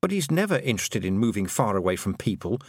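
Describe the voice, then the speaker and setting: A man voicing a clever young farm girl, earnest and quick. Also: fairly low pitch, very animated, dry recording, studio quality. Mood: worried.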